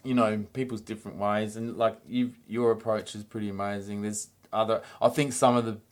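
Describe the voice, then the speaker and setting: A man's voice: on the low side, flat delivery, fairly quick. An Australian man hosting a casual podcast chat, telling rambling stories and swearing freely. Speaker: podcast host.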